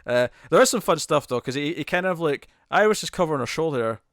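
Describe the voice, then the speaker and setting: A man's voice: a little high, fast talker, dry recording, studio quality. Chatty, laughing male podcast co-host. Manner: animated, laughing, restarts mid-sentence. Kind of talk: casual chat.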